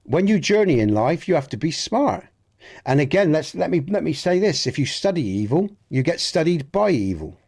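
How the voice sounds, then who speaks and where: An English streamer with a Dorset accent from the Southwest chats with viewers during a game livestream, earnest and rambling, often restarting and swearing mildly. His voice is a little high, sing-song, slightly mellow and husky, at a moderate pace.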